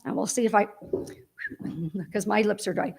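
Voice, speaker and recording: A woman's voice: medium pitch, flat delivery, moderate pace, vocal fry, very noisy. A woman giving a heartfelt, rambling eulogy for her father at a church memorial service.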